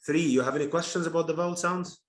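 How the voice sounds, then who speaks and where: A man's voice: fairly high pitch, steady tone, fast talker. A man teaching an online class over a video call, explaining patiently step by step and repeating key terms.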